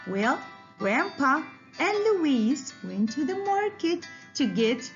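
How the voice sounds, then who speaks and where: A woman telling a children's story in an animated way, asking the listeners questions and adding animal noises. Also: high voice, dull audio.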